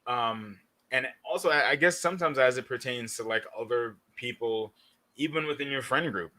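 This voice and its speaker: Rambling, sarcastic young man, bright tone. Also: medium pitch, normal speed. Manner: loose and rambling, many fillers, dryly sarcastic. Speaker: podcast co-host. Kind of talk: casual podcast chat.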